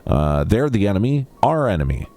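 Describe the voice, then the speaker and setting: A man's voice: fairly low pitch, big pitch swings, brisk, dark tone. A man reading aloud the lines of an earnest, diplomatic young male scholar in a video game, reassuring and careful with small stumbles.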